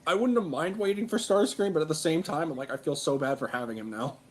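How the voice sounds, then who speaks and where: A man's voice: a little high, fast. Wry man in casual chat. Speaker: livestream guest.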